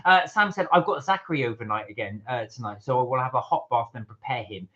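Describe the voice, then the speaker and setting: Co-hosting a casual vlog live-stream, a man with a mid-range, slightly bright voice reads viewer comments aloud quickly, dropping frequent uhs. The stream audio is dull and lo-fi.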